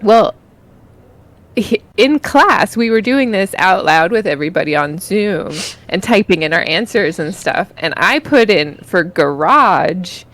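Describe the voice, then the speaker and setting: A woman from Texas co-hosts a podcast, chatting casually and rambling while laughing often. Her Texan accent carries some British influence, and her medium-pitched voice is fairly bright, lively in intonation and a little slow.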